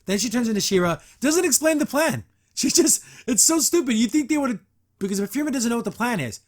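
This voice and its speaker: A man's voice: extremely high pitch, expressive, brisk. A man hosting a podcast, giving a blunt, sarcastic, exasperated review of an episode in casual commentary. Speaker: podcast host.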